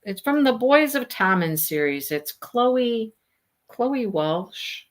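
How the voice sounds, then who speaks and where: Woman host, casual live book chat, lively up-and-down pitch, laughs easily. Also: takes it slowly. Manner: chatty, laughing, animated.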